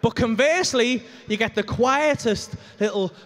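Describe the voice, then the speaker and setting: High-voiced crude comedian. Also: male voice, moderate pace. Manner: crude, animated, acts out scenes with moans and gasps. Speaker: stand-up comedian. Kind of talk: stand-up comedy set. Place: comedy club stage.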